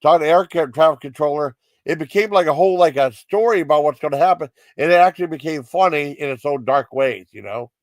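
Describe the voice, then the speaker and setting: A man's voice: on the high side, quick pace, hardly any pauses, no echo. Rambling, giggly man reviewing comedy. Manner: rambling, with many fillers and giggly asides. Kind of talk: casual chat.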